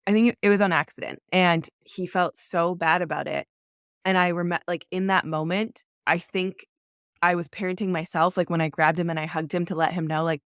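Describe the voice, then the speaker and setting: A woman's voice: fairly low pitch, steady tone, a little fast, fairly bright tone, clear, resonant tone, no echo, clean studio sound. A woman speaking as a podcast guest, talking earnestly and emotionally about parenting, with lots of "like" fillers. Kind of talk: candid conversational interview.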